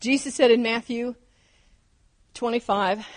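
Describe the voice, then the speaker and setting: A woman's voice: medium pitch, normal speed. A woman in her fifties or older delivers a sermon with a mid-range voice. She preaches fervently and emphatically, stacking short repeated phrases to press each point home.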